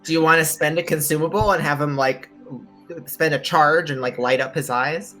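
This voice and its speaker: Man, game master, casual narration, bright tone, faint music. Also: fairly high pitch, fairly even intonation, moderate pace. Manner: casual, filler-heavy narration.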